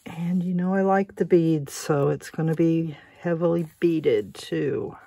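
A woman's voice: low voice, a little slow, vocal fry, warm tone, dry recording, studio quality. A woman vlogger talking casually as she sews, muttering and joking at herself. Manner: muttering and self-mocking while sewing. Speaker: crafting vlogger. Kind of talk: casual crafting chat.

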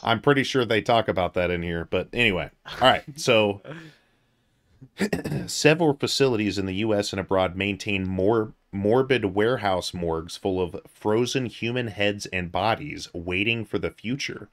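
A man from the US hosting a casual podcast, with a fairly low voice. He reads an article aloud and breaks off for joking asides and filler words. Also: normal speed. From United States. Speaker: podcast host.

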